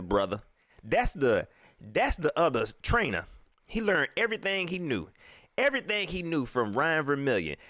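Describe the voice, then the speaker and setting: A man ranting in casual slang about football, repeating his points with animated emphasis. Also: sits high, no echo, clean studio sound. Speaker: sports vlogger. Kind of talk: casual sports rant.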